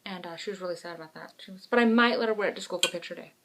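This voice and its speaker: A woman's voice: fairly low pitch, very fast, background noise. A woman, co-hosting a podcast in frank, self-mocking casual chat. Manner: chatty, animated storyteller, frank and self-mocking. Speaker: podcast co-host.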